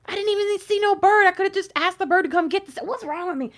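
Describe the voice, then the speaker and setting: A woman's voice: very high-pitched, quick pace, fairly bright tone, voice pushed up. A woman voicing a foolish young man who was tricked, exasperated and scolding himself.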